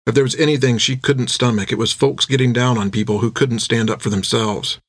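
A man narrating an adventure audiobook with steady storytelling. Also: mid-range voice, brisk, dry recording, clean studio sound.

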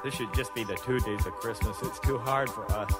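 A man playing a slow-witted, easily confused hoser in a comedy album sketch, with a flat, doltish delivery. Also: medium pitch, over loud music, natural voice. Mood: goofy.

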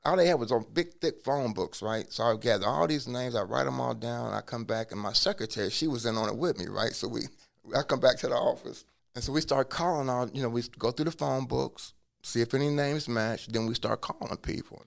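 A man telling his life story in a relaxed interview, acting out what people said to him. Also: mid-range voice, brisk, gravelly. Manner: acts out quoted dialogue in a lively way; casual, drops curse words. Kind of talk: conversational storytelling.

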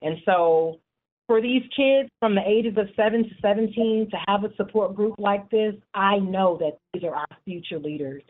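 A woman in her forties who leads a support group, talking in a casual interview and telling stories in an animated way with frequent "you know". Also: medium pitch, moderate pace. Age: 40s. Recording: tinny phone line.

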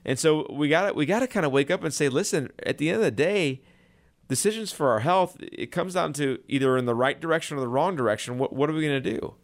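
A man's voice: on the high side, fast. A man, a chiropractor talking earnestly and casually about patient care and diet. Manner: earnest, conversational, retells patient stories. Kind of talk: casual talk to camera.

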